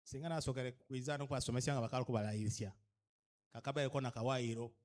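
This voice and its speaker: A man's voice: mid-range voice, steady tone, very fast, a little mellow. A man with a Ugandan accent giving a training lecture to cultural leaders, emphatic and pressing them with repeated rhetorical questions, switching between English and a local language. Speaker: speaker at a cultural leaders' orientation.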